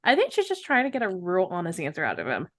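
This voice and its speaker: A woman's voice: on the low side, huge pitch swings, quick pace, a bit bright. A woman playing a tabletop game, talking casually and rambling with many fillers. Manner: rambling, laughs often. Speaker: player.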